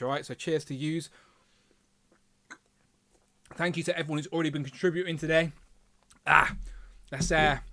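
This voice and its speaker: A man's voice: a little high, a bit bright, dry recording. A man hosting a casual livestream, chatting and reading viewer comments aloud with filler hums. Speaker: livestream host.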